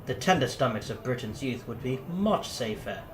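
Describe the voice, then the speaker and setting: A man voicing an eccentric upper-class English gentleman inventor with a plummy, jovial manner. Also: medium pitch, normal speed, natural voice. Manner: plummy, jovial, lively swoops. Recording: roomy echo, faint noise.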